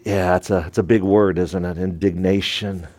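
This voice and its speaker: A man, a pastor preaching a sermon, emphatic, moving between loud and hushed delivery and asking his congregation rhetorical questions. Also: deep voice, fairly even intonation, a little fast.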